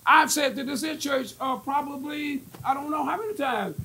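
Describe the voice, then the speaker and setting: A man preaching a fiery sermon as pastor, emphatic and repetitive, rising to shouts as the congregation answers. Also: very high-pitched, moderate pace.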